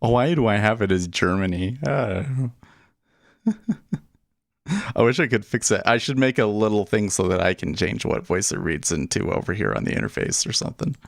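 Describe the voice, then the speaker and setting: A man's voice: lowish voice, very animated, normal speed, vocal fry, no echo, studio quality. A man hosting a day trading livestream, chatting casually and thinking aloud as he works his screens, laughing easily. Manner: laughs easily, loose and joking. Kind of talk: casual live-stream commentary.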